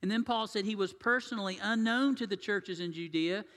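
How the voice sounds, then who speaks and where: A man preaching a sermon as pastor, telling stories and swinging between loud and hushed delivery. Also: sits high, brisk. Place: church sanctuary. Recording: long reverb of a church hall.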